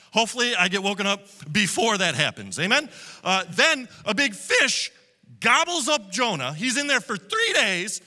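Animated, bright-voiced pastor preaching. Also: male voice, sits high, in a large hall. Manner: animated storytelling, acting out quotes. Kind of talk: sermon. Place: church hall with multiple locations.

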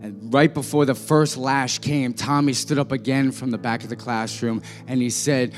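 A man's voice: medium pitch, fairly even intonation, moderate pace. A man, a pastor, telling an illustrative story during a sermon in an earnest way. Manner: earnest, voices the characters in his story lightly. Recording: music and long reverb of a church hall.

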